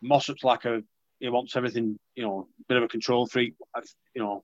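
A young man chats loosely in an interview, often restarting his sentences and poking fun at himself. His voice sits at an ordinary pitch, and the recording sounds dry and slightly dull. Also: steady tone, fast, no room sound. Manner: chatty, self-deprecating, many restarts. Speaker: rugby league player. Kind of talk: casual interview chat.

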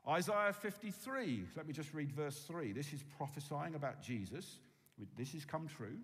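Animated man preaching in a reverberant hall. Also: on the high side, moderate pace. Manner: animated, swings from loud emphasis to hushed tones. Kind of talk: sermon. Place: church hall with long reverb.

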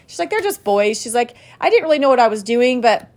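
A woman in her thirties tells a family story straight to her viewers. She talks casually and animatedly, full of fillers and quoted back-and-forth. Her voice sits a little on the higher side. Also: quick pace. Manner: chatty, animated, lots of fillers and quoted dialogue. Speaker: vlogger and mom.

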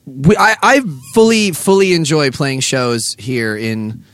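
A man's voice: medium pitch, big pitch swings, slow pace, a bit bright, dry recording. A man in a backstage dressing room, joking and teasing his bandmate in casual banter. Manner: joking, teasing, laughs often. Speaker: band member hosting a backstage chat.

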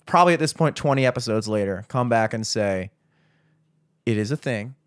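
A man's voice: mid-range voice, animated, fairly quick, no room sound, clean studio sound. A young man hosting a podcast, chatting casually in a rambling, profane, ranting way. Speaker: podcast host. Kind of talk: casual chat.

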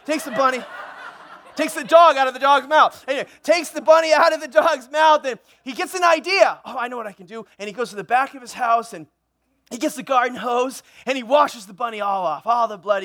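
High-voiced joking pastor. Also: male voice. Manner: joking, animated, playful asides. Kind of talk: sermon with comic story. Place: church sanctuary.

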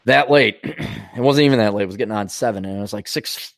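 A man's voice: lowish voice, fairly quick, creaky, dry recording, studio quality. A man hosting a podcast, telling casual stories with frequent swearing and joking. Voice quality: profane, swears freely. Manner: animated, jokes and acts out voices of others. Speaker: podcast host. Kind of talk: casual storytelling monologue.

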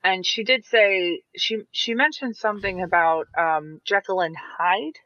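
Player, bright tone, dull lo-fi sound, agreeable reasoning. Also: medium pitch, unhurried, no echo. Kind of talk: tabletop game chat.

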